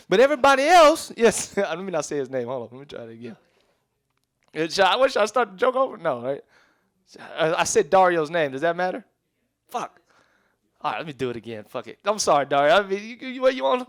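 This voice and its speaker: A young stand-up comic with a high voice tells stories in on a club stage. He talks in a loose, streetwise way and keeps turning to the crowd with quick asides. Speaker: stand-up comedian. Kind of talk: stand-up comedy set.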